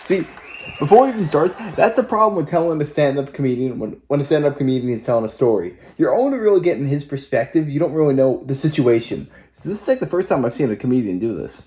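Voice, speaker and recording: Excitable reaction-video host. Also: male voice, a little high, quick pace, some chatter behind. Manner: enthusiastic, chatty reactions. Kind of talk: casual commentary.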